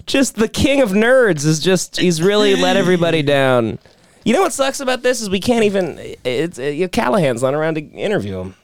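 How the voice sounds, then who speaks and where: Lively-voiced man hosting a podcast. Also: high-pitched, brisk. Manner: reads messages aloud in mocking put-on voices. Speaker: podcast host. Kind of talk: casual podcast banter.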